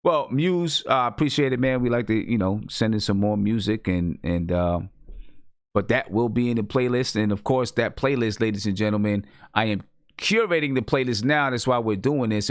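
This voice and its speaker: A man's voice: on the low side, dry recording, studio quality. A man from upstate New York hosting a casual music review show, reading artist bios with small stumbles. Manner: reads bios aloud, hesitant restarts. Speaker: podcast host.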